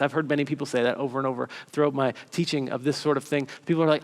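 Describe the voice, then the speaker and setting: A man preaching a sermon as a pastor, talking in a casual, halting way with many restarts and fillers, recorded in a church. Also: on the high side, in a large hall. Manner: conversational and halting, full of restarts and "like".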